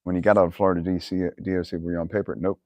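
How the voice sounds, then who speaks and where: Low-voiced dude cussing a lot on a phone live, dry close sound, outside in his yard. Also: little pitch movement, racing, a little mellow, no echo. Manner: profane, rambling, laughs often. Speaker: livestream host. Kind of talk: casual livestream chat. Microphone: phone camera.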